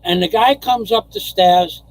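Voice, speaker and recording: A man's voice: high voice, unhurried, low-quality recording. An older man from New York rambling through a casual live stream, repeating phrases and chuckling as he goes.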